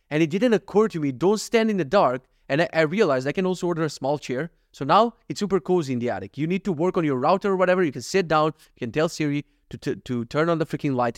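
A young adult man on a casual solo podcast, rambling fast and swearing, mocking himself and quoting others in quick voices. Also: medium pitch, dry recording, clean studio sound. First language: not given. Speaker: podcast host. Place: at home.

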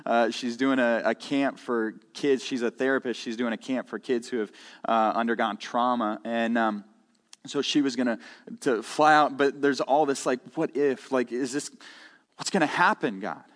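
Earnest pastor in a reverberant hall. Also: male voice, medium pitch, fairly even intonation, moderate pace. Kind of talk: sermon.

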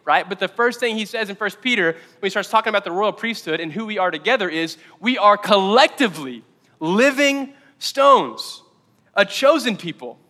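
High, bright-voiced man preaching. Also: normal speed, long reverb tail. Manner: energetic, with joking asides. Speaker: pastor. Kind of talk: sermon. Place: church auditorium.

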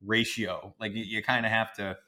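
Bright, low-voiced stammering man. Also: level tone, moderate pace. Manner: stammering restarts, playful. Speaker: podcast co-host. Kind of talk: casual sports chat.

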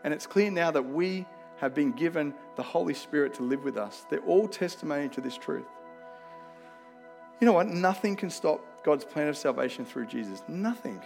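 A man's voice: a little high, animated, moderate pace, gravelly, a little mellow, soft background music. A man with an Australian accent preaching a sermon, earnest and conversational, weaving in personal stories. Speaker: pastor.

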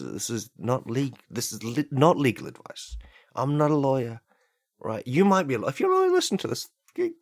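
A man's voice: medium pitch, no echo, clean studio sound. Rambling man hosting a comedy podcast. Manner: rambling, self-interrupting, jokey. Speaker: podcast host.

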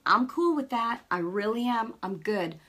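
A middle-aged woman giving a casual faith talk, telling stories with lively energy and often checking in with her listeners. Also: fairly high pitch, measured pace. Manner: lively storytelling, acts out quoted dialogue; peppers speech with "right?" and "you know". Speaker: Christian speaker.

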